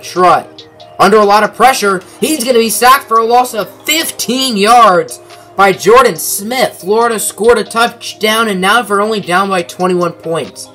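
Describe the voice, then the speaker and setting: Young man doing bright play-by-play commentary. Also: high-pitched. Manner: mock sportscaster delivery with dry asides. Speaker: gaming commentator.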